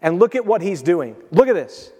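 A man preaching a sermon as a pastor, animated, swinging between loud bursts and hushed, quiet passages. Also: high voice, moderate pace, husky. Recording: long hall reverb.

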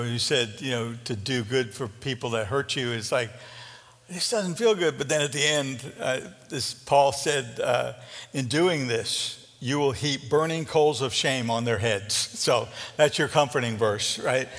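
A man preaching a sermon as pastor, conversational and earnest, dropping to a hushed intensity. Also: mid-range voice, unhurried. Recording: reverberant hall.

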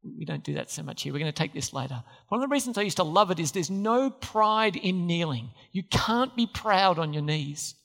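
A man's voice: high voice, expressive, normal speed, creaky, hardly any pauses, fairly bright tone, long reverb tail. A man preaching a sermon as pastor, emphatic and repeating key phrases. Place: church.

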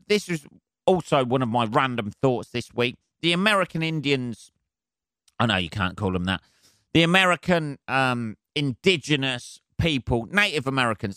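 A man's voice: mid-range voice, fairly bright tone, no room sound, clean studio sound. A man hosting his own podcast, ranting alone in a sarcastic, rambling, heavily swearing way. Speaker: podcast host. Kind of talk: solo comedic rant.

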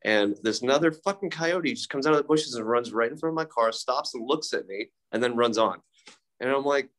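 At a recovery meeting, a young man tells his personal story with lots of fillers, swearing freely and poking fun at himself. His voice is medium-pitched and fairly bright, and he talks briskly in a casual, candid manner.

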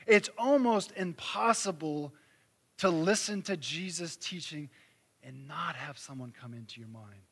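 A man's voice: on the high side, unhurried, a bit bright, husky. A man preaching a sermon in a conversational way, walking listeners through vivid illustrations and rhetorical questions. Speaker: pastor.

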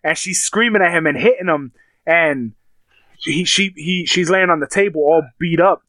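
A man chatting casually, retelling TV scenes with animated, crude language. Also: fairly high pitch, moderate pace, no echo. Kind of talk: casual chat.

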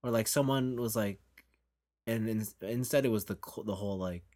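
A man's voice: fairly low pitch, normal speed, a little mellow. A man in his late twenties co-hosting a podcast, talking in a laid-back way, with lots of "like" and agreeing. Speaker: podcast co-host. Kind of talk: casual chat.

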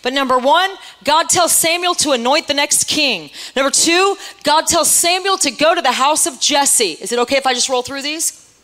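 A woman with a high, bright, pushed voice preaches a sermon at a normal pace to a congregation in a church hall. She teases the listeners with playful asides and quizzes the room.

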